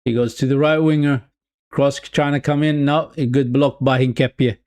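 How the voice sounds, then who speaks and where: A mid-range voice at an ordinary pace carries this man's live football watch-along commentary. Chatty and repetitive, he refers to his viewers as "people" and alternates between thrill and disappointment.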